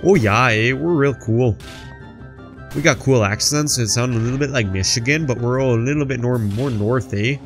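A man's voice: mid-range voice, normal speed, soft background music, natural voice. A man voicing a cheerful stereotyped Canadian lumberjack, chatty in a mock Canadian accent and tacking "eh" onto his lines. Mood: folksy.

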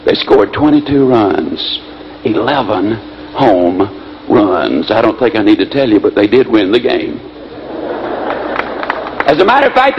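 Male motivational speaker, animated folksy storyteller, high voice, faint hiss behind. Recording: dull lo-fi recording, faint hiss.

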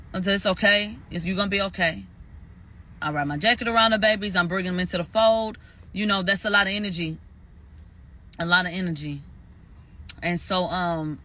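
A man's voice: high-pitched, sharp tone. A man giving a heated spoken recap, emphatic and profane, repeating phrases for stress. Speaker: commentator recounting a court verdict.

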